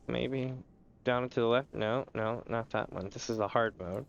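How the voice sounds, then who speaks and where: A man's voice: mid-range voice, moderate pace, gravelly, smooth, highs cut off. A man streaming a game, chatting casually and telling rambling stories with laughter. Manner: rambling, animated storyteller who often laughs and slips into voices.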